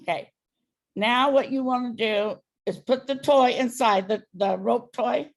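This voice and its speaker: A woman's voice: on the high side, unhurried, gravelly. A woman dog trainer giving a client patient, step-by-step instructions. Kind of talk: coaching a client through training.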